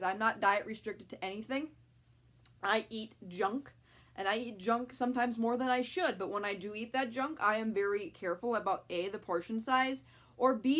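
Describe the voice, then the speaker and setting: A woman's voice: mid-range voice, fairly bright tone. Young woman, casual vlog host, frank and chatty, plenty of ums. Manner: frank, chatty, many fillers. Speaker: vlogger. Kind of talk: casual talk to camera.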